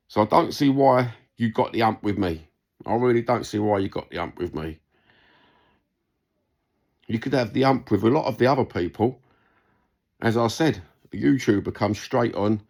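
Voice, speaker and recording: Gravelly, low-voiced London bloke; angry vlog rant, lots of swearing and repetition. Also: male voice, darkish tone. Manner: heated, sweary, repeats himself. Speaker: vlogger responding to a comment.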